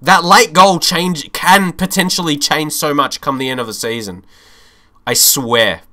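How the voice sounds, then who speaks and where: An animated young man commenting live on his own football management game. His voice is bright and sits a little high. He swings between hope and frustration and swears often. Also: unhurried.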